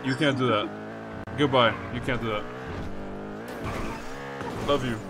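A man's voice: medium pitch, steady tone, measured pace, background noise. A man roleplaying a character in a game, talking in slang, laughing and protesting a lot. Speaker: roleplay streamer.

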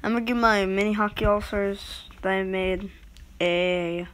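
Casual woman creator, unhurried and rambling, mid-pitched, direct to viewers. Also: fairly even intonation, noisy background. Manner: rambling, self-interrupting, talks to viewers directly. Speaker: video creator rating goal horns. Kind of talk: casual rambling vlog talk.

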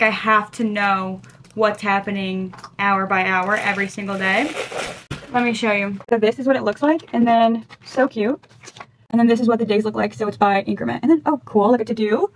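A young woman chatting casually as she unboxes gifts, gushing and excitable. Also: a little high, slight background noise. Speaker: book vlogger.

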